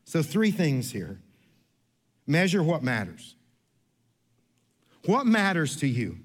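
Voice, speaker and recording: A pastor with a notably high voice delivers his sermon in a loose storytelling mode. He is chatty and self-deprecating, restarts his sentences often, and acts out the people in his stories. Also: huge pitch swings, takes it slowly, long pauses. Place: church sanctuary.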